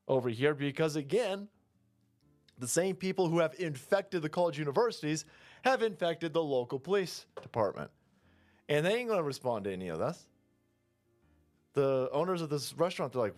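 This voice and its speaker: A man's voice: lively intonation, brisk, pauses often, soft background music. A man giving ranting, profane political commentary, mocking the people he talks about. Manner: mocking, profane, mimics others in high voices.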